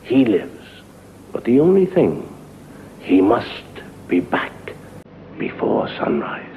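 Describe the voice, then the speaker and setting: Dramatic hushed man telling a comic tale. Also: mid-range voice, huge pitch swings, slow. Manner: dramatic, hushed spooky delivery with sudden swells. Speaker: comedian storyteller. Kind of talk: comic storytelling to an audience. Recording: dull hissy old TV recording.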